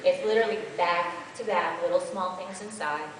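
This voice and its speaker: A woman, a voice actress on a convention panel, answering questions in an animated, chatty and rambling way, recorded by a far camera. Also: on the low side, normal speed, a crowd in the background. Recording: echoey hall from far off.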